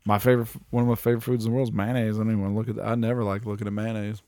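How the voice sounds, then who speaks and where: A man's voice: fairly low pitch, flat delivery, racing, darkish tone. A man in his thirties co-hosting a podcast, joking crudely and swearing often in casual chat. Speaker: podcast co-host.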